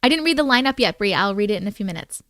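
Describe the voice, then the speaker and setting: A woman's voice: mid-range voice, lively intonation, racing, fairly bright tone, dry recording, clean studio sound. A woman hosting a live stream, casually chatting with viewers, reading their comments aloud and cooing at her cats. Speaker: livestream host.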